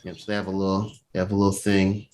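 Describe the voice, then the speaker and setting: A man's voice: low voice, monotone, fast talker, a little mellow. A man co-hosting a podcast, casually recapping a TV episode and acting out the characters' lines as he goes. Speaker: podcast co-host.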